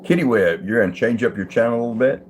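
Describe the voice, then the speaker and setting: An older man hosts a casual live stream from inside his home, reading comments aloud, greeting viewers by name, and chuckling easily. His voice sits at a medium pitch and moves at a quick pace, with slight background noise behind it.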